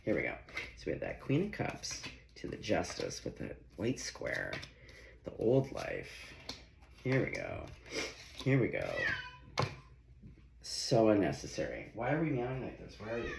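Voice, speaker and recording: A low-voiced man with a gravelly edge chats his way through a tarot reading in his kitchen, talking to himself and swearing freely. He speaks slowly, and his pitch rises and falls a lot. The phone mic picks up an echoey room with loud noise behind him. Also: wildly swooping pitch. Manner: chatty, swears and laughs, talks to himself. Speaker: tarot reader. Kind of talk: casual tarot reading vlog. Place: home kitchen.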